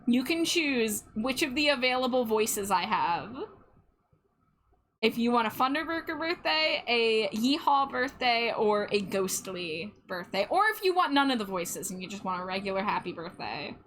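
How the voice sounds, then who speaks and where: A woman's voice: a little high, expressive, normal speed, fairly bright tone, a little hiss or hum. A woman streaming while she draws, chatting casually and a bit self-deprecating, often repeating her words. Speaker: art streamer.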